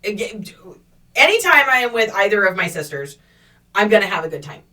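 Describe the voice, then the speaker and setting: A woman with a bright, forceful voice tells a story in loose podcast chat, cursing often and jumping into the voices of the people in it. She sounds a little distant from the mic. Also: mid-range voice, a little fast. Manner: profane, animated storytelling with acted-out quotes. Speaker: podcast co-host.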